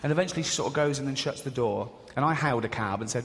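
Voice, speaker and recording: The middle-aged man rattles off his stand-up very fast in a mid-range voice, telling crude, sarcastic stories that mock himself. A loud theatre audience laughs throughout this live hall recording from a large stage.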